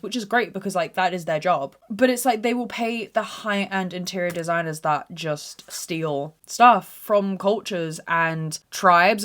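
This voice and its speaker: Woman, twenties, podcast host, casual storytelling, sweary, dramatic, bright forceful voice. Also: lowish voice. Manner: blunt, sweary, dramatic and unfiltered.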